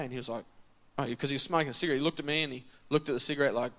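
Racing along in a mid-range voice, a church member tells his testimony in an easygoing way. He's animated and acts out the back-and-forth dialogue.

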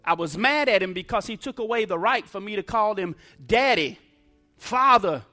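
A middle-aged man preaches his testimony in a high, bright voice. He speaks emphatically and calls for responses from the congregation. Soft music plays faintly under his words. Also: lively intonation, normal speed. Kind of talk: sermon testimony.

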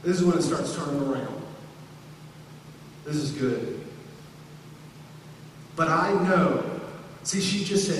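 A man preaching a sermon, speaking dramatically and rising to shouted appeals. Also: a little high, slow, pauses often, a little hiss or hum. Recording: echoey hall from far off.

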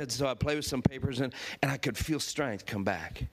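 A man's voice: a little high, brisk, creaky, few pauses. A male preacher telling a story in a sermon, laughing as he acts out the voices of the people in it. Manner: lively, laughing storyteller who acts out quotes.

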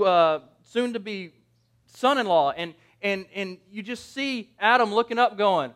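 A man's voice: high voice, fairly bright tone. A man preaching a sermon as a pastor, conversational and jokey, often checking in with the listeners and correcting himself mid-sentence. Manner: conversational, jokey, asks the audience "right?"; restarts and self-corrections.

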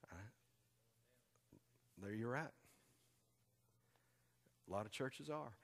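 A man's voice: mid-range voice, a bit bright. A man preaching a sermon as a pastor, conversational and emphatic, repeating key lines for weight.

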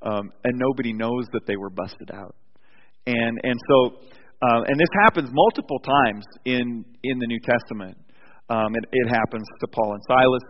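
A male pastor preaching a sermon with animated storytelling, often restarting his sentences, in a church sanctuary. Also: medium pitch, moderate pace. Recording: dull recording with long hall reverb.

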